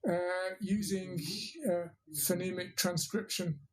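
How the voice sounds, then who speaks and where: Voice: mid-range voice, level tone, slow pace, low-quality recording. A teacher, giving a thoughtful interview answer with frequent hesitations and restarts. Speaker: interviewed English teacher and trainer.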